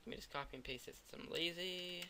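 A man's voice: sits high, fast talker, bright, forceful tone, a little hiss or hum. A tired young man narrating a coding tutorial, thinking aloud and joking at himself as he types. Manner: rambling, self-mocking, thinks aloud. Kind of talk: screen-recorded coding tutorial.

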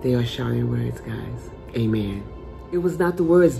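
A woman preaching a motivational sermon with passion, dropping to a hush and then rising to loud calls of amen. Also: very deep voice, expressive, normal speed, creaky, faint music behind. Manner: impassioned, swinging from hushed to loud, calls out amen.

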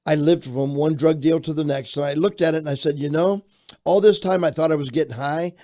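Older pastor guy from florida telling his story, fairly high voice, gets loud acting out quotes. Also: brisk. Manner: animated storyteller who shouts out quoted lines. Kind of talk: telling his testimony in an interview.

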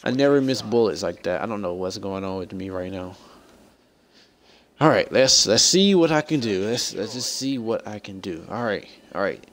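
A young man live-streaming a shooter game, reacting to the match and chatting with viewers and teammates, getting frustrated and excitable. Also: fairly low pitch, moderate pace. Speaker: gaming streamer. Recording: faint background noise.

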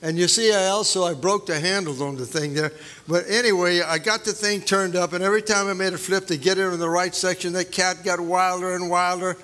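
Folksy pastor in a reverberant hall. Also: male voice, high-pitched, steady tone, a little fast, sharp tone. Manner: folksy storytelling with many fillers. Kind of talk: sermon with prayer and personal story. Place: church. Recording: long church hall reverb.

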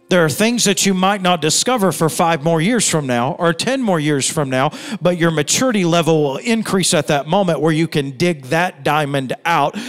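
A man's voice: on the high side, big-room sound. A middle-aged man pastor preaching a sermon, emphatic, with repeated phrases and rhetorical questions. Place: church hall.

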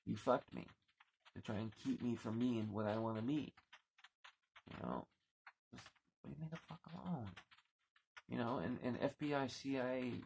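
A vlogger with a fairly low, gravelly voice rants angrily and profanely to his viewers from his anchored boat, captured in poor audio with slight background noise. As he gets worked up, he stumbles and repeats words, heated and swearing.

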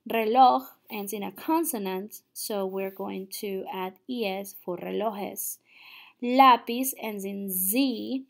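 A woman's voice: medium pitch, takes it slowly, gravelly. A young adult woman teaching a recorded online lesson, patient and explaining step by step, often checking in with "okay?". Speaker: Spanish teacher.

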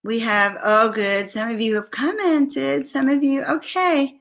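A middle-aged woman hosts a live spiritual card reading, her voice bright and forward. She talks effusively and chats along, greeting viewers by name as she passes on each message. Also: high-pitched, expressive, a little slow. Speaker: spiritual card reader and host.

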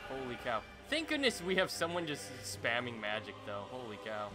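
A young man hosting a let's-play, commenting as he goes. He mutters nervously, then bursts into loud exclaims and yelps. Game music plays clearly behind his voice. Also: medium pitch, huge pitch swings, moderate pace. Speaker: gaming channel host.

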